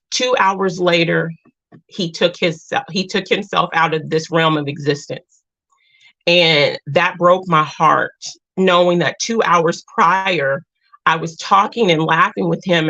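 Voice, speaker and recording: A woman hosting a casual chat with viewers, speaking earnestly with halting restarts. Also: mid-range voice, fairly bright tone. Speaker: channel host. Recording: dull lo-fi sound.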